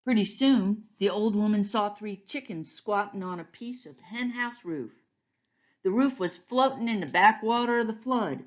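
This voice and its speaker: A woman pastor reading a children's storybook aloud in a gentle, folksy storytelling manner. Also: mid-range voice, a little slow, dull audio.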